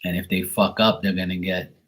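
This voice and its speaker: A man reading tarot on a live stream, chatting bluntly to a viewer, swearing freely and getting animated when worked up. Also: low voice, a little fast, husky, poor audio. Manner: blunt, swears often, talks straight to a viewer. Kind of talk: casual live-stream chat.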